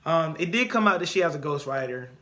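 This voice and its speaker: Opinionated man with a bright voice. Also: fairly high pitch, fast. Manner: opinionated, animated, repeats points for emphasis. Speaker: podcast host. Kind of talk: casual solo podcast commentary.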